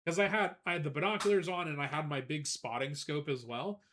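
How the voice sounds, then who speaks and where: A man streaming live, chatting casually and telling a rambling, animated story with frequent laughs, greeting viewers as he goes. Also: fairly high pitch, brisk. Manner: greets chat viewers between anecdotes.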